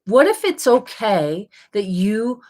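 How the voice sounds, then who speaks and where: A woman coaching an online audience in a relaxed, conversational way. She leans on rhetorical questions and coaxing prompts, her speech loose and filled with casual "like"s. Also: mid-range voice, takes it slowly. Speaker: intuitive life coach. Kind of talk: live coaching session answering viewer questions.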